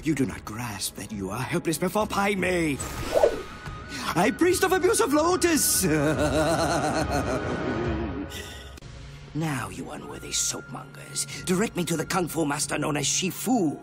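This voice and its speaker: A man's voice: on the high side, big pitch swings, normal speed, hardly any pauses, music in the background. An actor voicing an arrogant male kung fu villain priest who speaks grandly and mockingly. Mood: gloating.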